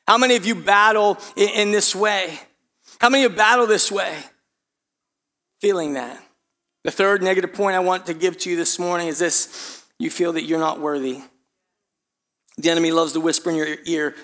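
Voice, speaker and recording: High-voiced man preaching a sermon. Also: fairly even intonation, normal speed, a bit bright. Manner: rhetorical questions, repeats phrases for emphasis. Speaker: pastor. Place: church sanctuary.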